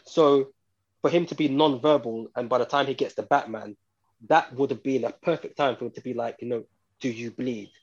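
A man's voice: medium pitch, brisk, lo-fi sound. A man co-hosting a podcast, chatting casually about a film in a rambling way, repeating himself with many fillers. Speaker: podcast co-host. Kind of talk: casual film review chat.

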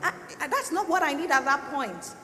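Woman panelist, bright forceful tone, emphatic and earnest; echoey hall recording. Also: high voice, animated, a little fast. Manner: emphatic, earnest, repeats points. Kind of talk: panel discussion answer. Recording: echoey hall, faint ambience.

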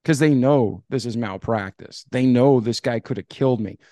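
Guest storyteller: man, mid-pitched voice, animated and casual, acts out dialogue, dry close mic. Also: normal speed, no room sound. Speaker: podcast guest.

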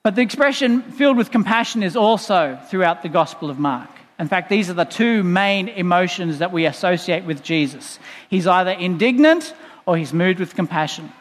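High-voiced pastor preaching in a reverberant church. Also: male voice, animated, normal speed. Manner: conversational, playful asides, explanatory. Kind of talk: sermon. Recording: long reverb in a church hall.

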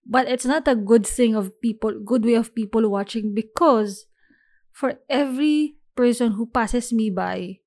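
Mellow-voiced young woman musing on a podcast. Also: medium pitch. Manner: thoughtful, unhurried, with small restarts. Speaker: podcast host. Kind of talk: solo reflective podcast talk.

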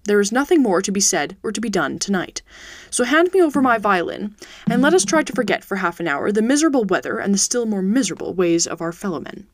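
Sherlock Holmes, read by a woman measured and precise. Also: mid-range voice, big pitch swings, dry recording, studio quality. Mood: grave. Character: Sherlock Holmes, keen-minded Victorian male detective.

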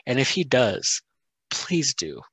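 A man's voice: mid-range voice, sing-song, takes it slowly, a bit bright, breathy edge, dry recording. A man co-hosting a podcast, talking casually and telling a story with lots of "right?" and "you know", acting out what others said. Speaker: podcast co-host. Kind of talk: casual chat.

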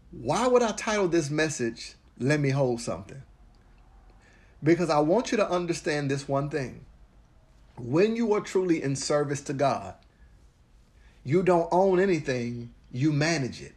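Male pastor, high voice, sermon delivery, repetitive call-and-response style. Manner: preachy, repetitive, breaks into laughter and rising excitement; leads the congregation in a call-and-repeat prayer.

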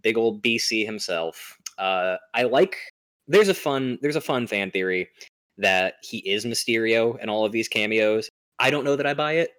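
Young guy rambling through a movie recap, low voice, dry mic, filler-heavy. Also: expressive, moderate pace, fairly bright tone, no room sound. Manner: rambling, many "uh" fillers and restarts. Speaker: podcast co-host. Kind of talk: casual movie-recap chat.

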